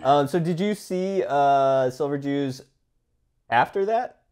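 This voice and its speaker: Man, podcast host, lively intonation, casual, jokey asides, curious questions. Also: a little high, loud music behind the voice. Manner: chatty, quick jokey asides. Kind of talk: casual chat.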